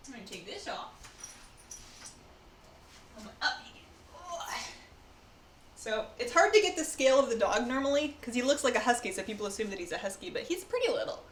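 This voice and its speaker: A woman with a slightly high voice chats casually through a live baking stream from her home kitchen. She is relaxed and wanders into little asides. The room sounds echoey, with faint noise underneath. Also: brisk, pauses often. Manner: chatty and relaxed, rambling asides. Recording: roomy echo, faint background noise.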